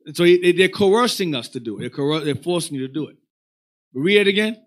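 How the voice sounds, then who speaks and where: A man teaching a casual religious class, talking in an animated, rambling way and telling a reader what to look up. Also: fairly high pitch, a little fast.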